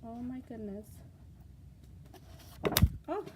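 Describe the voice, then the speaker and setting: A woman hosting a casual craft unboxing vlog, gushing and excitable, with lots of fillers and repeated words. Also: a little high, very slow, heavy background noise. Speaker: craft channel host.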